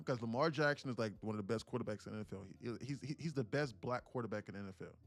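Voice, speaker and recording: A man chatting loosely on a live trading stream, drifting through a long anecdote in easy slang. His voice sits at an ordinary middle pitch, and faint music plays behind him. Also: racing, hardly any pauses. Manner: slangy, rambling storyteller. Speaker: day trader and livestream host. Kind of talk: casual livestream chat.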